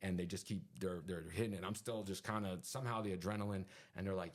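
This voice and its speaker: Speaking fast in a low voice, a podcast guest tells an animated story in casual conversation, sprinkling in sound effects and plenty of fillers.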